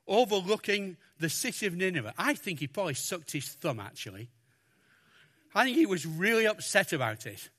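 A man preaching a sermon, talking through a Bible passage with lots of expression and acting out the lines he quotes. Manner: expressive, animated, acts out quotes with raised pitch.

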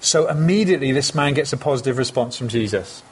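Guy preaching a sermon, kinda husky voice, earnest, chatty asides. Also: mid-range voice, expressive, quick pace. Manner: earnest, conversational, with emphatic asides.

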